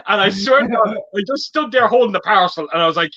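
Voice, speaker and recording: A man's voice: high-pitched, animated, fast talker, pushed and bright, dull audio. A man hosting a casual group chat, telling stories with lots of swearing and laughter. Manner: swearing storyteller, laughs often. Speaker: host.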